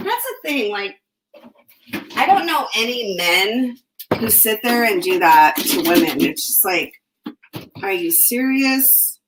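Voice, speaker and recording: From her home, which is under construction, a woman livestreams on her phone, reading viewer comments and gossiping while she eats breakfast. Her medium-pitched voice is sing-song, slow, and a bit bright, with slight background noise.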